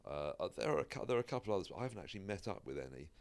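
A man's voice: sits low, sing-song, very fast. A British comedian, a man who now lives in the Midwest, chatting casually on a podcast with a self-deprecating, laughing manner. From United Kingdom. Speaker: stand-up comedian, podcast guest. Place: Michigan-based.

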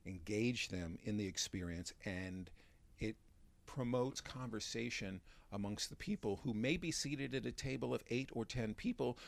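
A man, a magician and stand-up comic, talking in a relaxed interview, restarting sentences as he thinks. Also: lowish voice, moderate pace, vocal fry. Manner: chatty, with frequent restarts and fillers. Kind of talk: interview conversation.

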